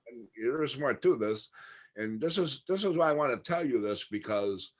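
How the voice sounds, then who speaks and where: A man's voice: mid-range voice, lively intonation, moderate pace. A man talking as a podcast guest, telling a long personal story in a candid, matter-of-fact way. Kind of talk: casual interview storytelling.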